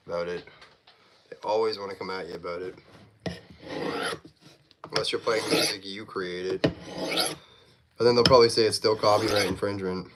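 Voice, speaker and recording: Deep-voiced Canadian man chatting while working. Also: heavy background noise. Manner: chatty, reads viewer comments aloud while working. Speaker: knife-sharpening livestreamer. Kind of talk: casual livestream chat.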